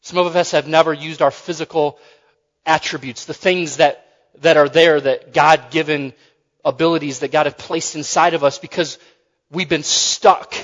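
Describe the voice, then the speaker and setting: Man, preacher, casual joking sermon, repeats himself, higher voice, muffled sound. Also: long reverb tail. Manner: conversational, joking, repeats and restarts phrases.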